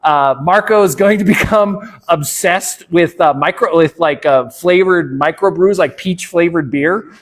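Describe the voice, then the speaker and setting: A man's voice: sits high, a little slow, hardly any pauses. An American man, a guest author, chatting casually in a playful, rambling, self-deprecating way. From United States. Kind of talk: casual interview chat.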